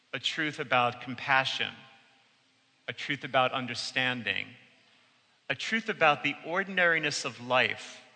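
A man's voice: mid-range voice, creaky, bright, forceful tone. A man from New delivering a sermon, telling a personal story in an earnest, storytelling manner. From United States. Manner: storytelling, earnest, quotes with raised voice. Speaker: preacher. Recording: long reverb of a large hall.

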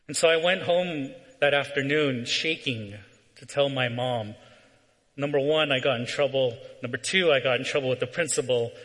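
A man's voice: mid-range voice, normal speed, a bit bright. Man preaching in a reverberant hall. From Southern California. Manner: storytelling with frequent "right?" asides. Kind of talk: sermon with a personal story.

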